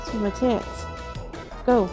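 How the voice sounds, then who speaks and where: A woman's voice: on the high side, steady tone, a little slow, music in the background. A woman streamer reading a game's story aloud, breaking off for playful, chatty asides. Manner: playful, chatty asides between read lines. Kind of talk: casual read-aloud with asides.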